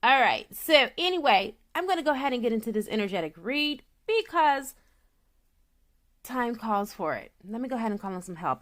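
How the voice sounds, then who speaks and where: Chatty, excitable woman giving a tarot reading. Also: fairly high pitch, fairly quick. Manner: excitable, chatty, addresses viewers directly; solemn invocation voice when calling spirits. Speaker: tarot reader and naturopath.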